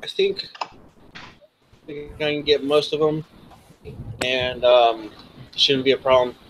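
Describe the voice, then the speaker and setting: A man's voice: mid-range voice, fairly even intonation, slow pace, fairly bright tone, a little hiss or hum, low-quality recording. A man doing a hesitant, earnest companion. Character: Hans, a man of the party's allies.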